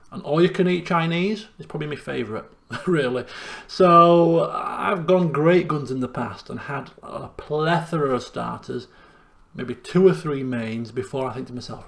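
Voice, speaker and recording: A young man chatting casually in a diary vlog, lively and self-deprecating. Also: fairly high pitch, moderate pace, vocal fry. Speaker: vlogger.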